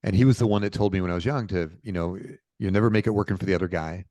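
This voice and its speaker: A middle-aged man from Portland, Oregon, telling stories as a podcast guest in a lively, informal way. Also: deep voice, racing, no room sound. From Portland, Oregon, USA. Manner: animated, informal, peppered with "dude" and "bro". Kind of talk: casual conversational storytelling.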